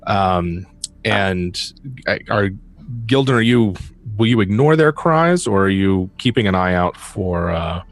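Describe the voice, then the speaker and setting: A man narrating as game master, describing scenes with many pauses and fillers. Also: deep voice, animated.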